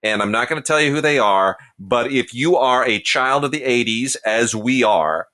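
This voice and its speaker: A man's voice: mid-range voice, moderate pace, bright, forceful tone. A man in his forties co-hosting a podcast, giving casual, opinionated film reviews with emphatic delivery. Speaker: podcast co-host.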